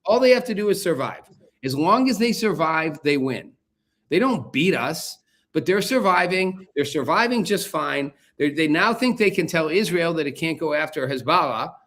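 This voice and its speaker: A man's voice: a little high, expressive, normal speed, fairly bright tone. A man hosting a political talk show, arguing his point emphatically and repeating key phrases for force. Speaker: show host.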